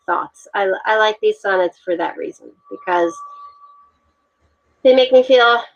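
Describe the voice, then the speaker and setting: A woman guest on a video call talking about wine with a relaxed, enthusiastic manner and frequent fillers. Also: medium pitch, a little slow, poor audio. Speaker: guest, wine communications expert. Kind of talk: casual interview over video call.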